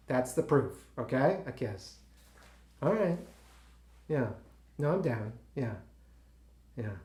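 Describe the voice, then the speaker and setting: A mellow, medium-pitched voice carries this scheming turn from the insecure, easily frustrated actor in his twenties. Playing him in a one-man show, the performer speaks in stammering, halting bursts full of restarts to invisible partners, with the theatre's roomy acoustics around him.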